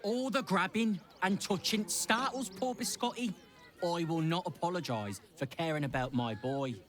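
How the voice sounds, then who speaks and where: A man's voice: sits high, normal speed, a bit bright. A man voicing a fussy, devoted dog owner in a video game, speaking with prim, precise diction. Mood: stern.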